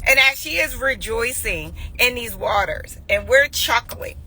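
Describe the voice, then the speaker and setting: With a slightly high, bright, forceful voice and a little hiss or hum in the recording, a woman in her forties tells a family story. As a mother sharing a devotional, she lets it grow into a heartfelt morning sermon, repeating lines to drive them home.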